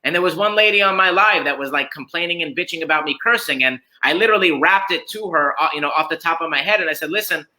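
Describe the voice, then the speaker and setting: A man who raps freestyle chats as a guest on a video call. He talks fast and emphatically, cursing casually. His voice is bright and sharp, a little high. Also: low-quality recording. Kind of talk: casual interview chat.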